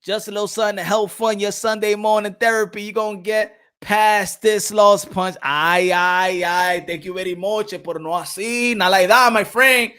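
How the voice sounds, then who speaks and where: A man hosting a boxing channel, talking casually and excitedly on a livestream, trash-talking and laughing. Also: high-pitched, moderate pace, hardly any pauses, smooth.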